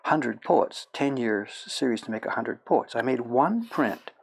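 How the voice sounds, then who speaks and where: A middle-aged man from Canada who talks in a gravelly, slightly husky voice. He chats casually with his stream audience while he works, telling long stories, circling back and correcting himself mid-sentence. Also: medium pitch, animated, unhurried. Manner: rambling, self-correcting storyteller. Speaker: livestream host, woodblock printmaker. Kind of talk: casual chat while working.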